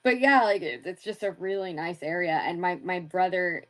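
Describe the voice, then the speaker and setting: A woman's voice: fairly low pitch, animated, moderate pace, fairly bright tone. A young woman chatting loosely as an interview guest, laughing often and swearing freely. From Philadelphia area. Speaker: interview guest, former wrestler. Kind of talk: casual chat.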